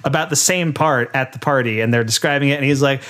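A man co-hosting a casual podcast, retelling a film's scenes in a relaxed way with lots of fillers and laughter. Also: medium pitch, fast. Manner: laid-back, many fillers, laughs while retelling scenes. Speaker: podcast co-host. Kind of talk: casual chat recapping a film.

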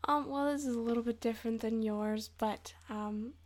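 A woman co-hosting a casual podcast, giving quiet, brief replies. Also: a little high, moderate pace. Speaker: podcast co-host. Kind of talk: casual chat.

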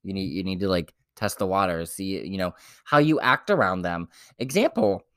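A young man co-hosting a podcast, telling his dating stories in a blunt, profane, animated way. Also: low-pitched, normal speed, clean tone, dry recording, clean studio sound. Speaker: podcast co-host. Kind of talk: casual chat.

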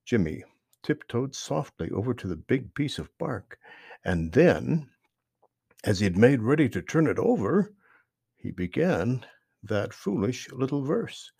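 A man narrating a children's book aloud, with expressive storytelling and lively emphasis. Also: mid-range voice, measured pace, vocal fry, slightly rough, no room sound, studio quality.

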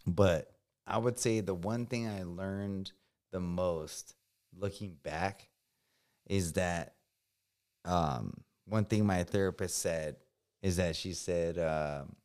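A man's voice: deep voice, slow pace, a little mellow. A man telling his story candidly in casual conversation, with a profane, slangy and emphatic way of talking. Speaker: combat veteran guest.

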